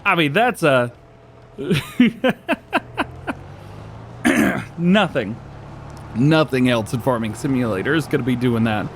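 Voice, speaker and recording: A man's voice: medium pitch, very animated, slow, long pauses, slight background noise. A man hosting a gaming channel, giving chatty gameplay commentary and laughing often, while he is losing his voice.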